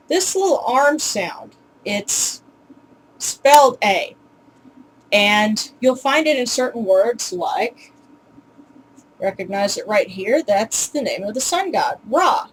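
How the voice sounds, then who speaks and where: A woman hosting a relaxed home tutorial, speaking in a fairly high voice. She talks in a chatty, unscripted way, filling pauses with ums and uhs. Her asides are wry and a little exasperated. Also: a little hiss or hum, rough recording. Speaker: video host teaching pronunciation.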